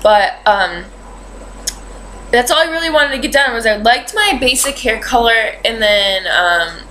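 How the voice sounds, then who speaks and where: A woman's voice: fairly high pitch, expressive, measured pace, pushed and bright, slight background noise, poor audio. A young adult woman vlogging in a chatty, rambling way, with lots of fillers as she tells a story. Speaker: beauty vlogger. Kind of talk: casual chat.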